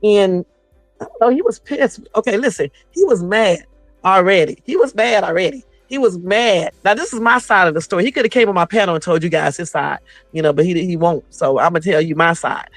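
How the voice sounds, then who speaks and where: A woman's voice: fairly low pitch, fairly quick, dry recording, soft background music. Sassy, blunt woman on a phone livestream. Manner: blunt, sassy, profane storytelling. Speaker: YouTube livestream host. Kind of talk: casual livestream chat.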